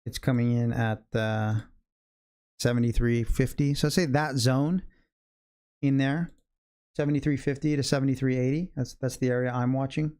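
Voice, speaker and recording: A man's voice: mid-range voice, steady tone, normal speed, a little mellow. A man hosting a live day trading stream, thinking aloud in loose, chatty sentences and talking directly to viewers in the chat. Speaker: day trading educator and livestream host.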